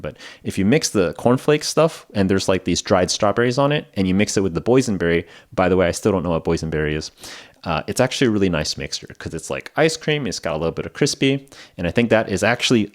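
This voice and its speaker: A man hosting an English-learning podcast, talking in a casual, rambling way with lots of fillers and laughing at himself. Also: fairly low pitch. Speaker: podcast host teaching English. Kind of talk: casual spoken lesson. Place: lives in Japan.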